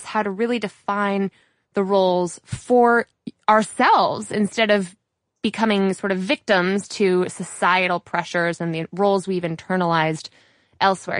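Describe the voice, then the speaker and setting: A woman hosting a podcast interview, talking with animated energy and laughing often. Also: medium pitch, no room sound, studio quality. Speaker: podcast host.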